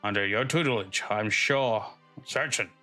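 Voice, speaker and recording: A man reading the lines of a proud, loyal old male general from a video game, in a solemn, slower delivery. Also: fairly low pitch, pushed and bright, soft background music.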